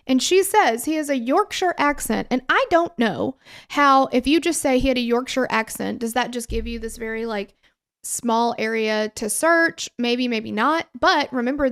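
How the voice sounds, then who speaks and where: High-voiced animated woman podcaster. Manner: animated, exasperated asides, frequent fillers. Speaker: true crime podcast co-host. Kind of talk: casual conversational storytelling.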